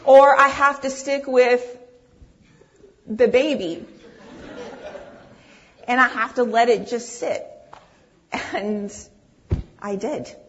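A middle-aged woman tells a story to a congregation, acting out her own lines with lively swings in voice. Her voice sits fairly high. The recording sounds dull and muffled. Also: takes it slowly, pauses often, a little hiss or hum. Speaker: pastor's wife speaking to a congregation. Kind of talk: storytelling talk, sermon-like.

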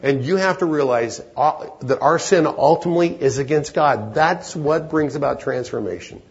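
A man's voice: a little high, normal speed, highs cut off. A man preaching a sermon in an earnest, emphatic way that climbs into urgent pleading.

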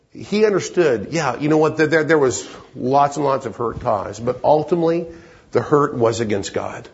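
A man's voice: medium pitch, animated, normal speed, vocal fry, lo-fi sound. A man preaching a sermon in an earnest, emphatic way that climbs into urgent pleading.

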